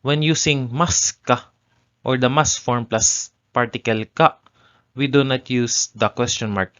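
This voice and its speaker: A man teaching a language lesson, explaining grammar step by step and repeating each example phrase slowly. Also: mid-range voice, steady tone, a bit bright, highs cut off.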